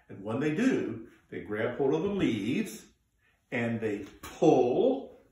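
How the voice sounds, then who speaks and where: A man telling a folk tale in an animated, drawn-out way, coaxing listeners to join in, heard in an echoey room from a distance. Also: medium pitch. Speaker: storyteller. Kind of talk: live folk storytelling with audience participation.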